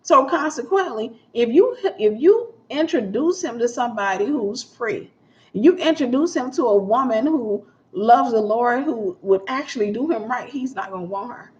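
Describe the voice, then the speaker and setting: A woman's voice: fairly high pitch, animated, moderate pace, darkish tone. A woman minister teaching a sermon in a conversational way, repeating her key points and acting out little scenes. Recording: dull lo-fi sound.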